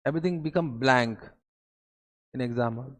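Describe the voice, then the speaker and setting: A man's voice: medium pitch, normal speed, a bit bright, long reverb tail. A man with an Indian English accent giving a motivational revision lecture to accountancy students, full of rhetorical questions and repeated phrases. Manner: pep talk full of rhetorical questions and repetition. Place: classroom.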